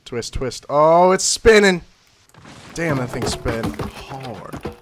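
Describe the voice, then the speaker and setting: A man hosting casual gameplay commentary, swearing freely and yelling at in-game scares. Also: mid-range voice, expressive, takes it slowly, noisy background. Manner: profane, shrieks and yells at in-game scares. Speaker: gaming channel host.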